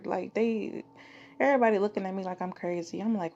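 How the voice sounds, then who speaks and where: A woman's voice: medium pitch, steady tone, a little fast, darkish tone, dull audio. A woman in her thirties hosting a podcast, telling a personal story in a loose, conversational way, cursing and laughing at herself. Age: 30s. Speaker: podcast host.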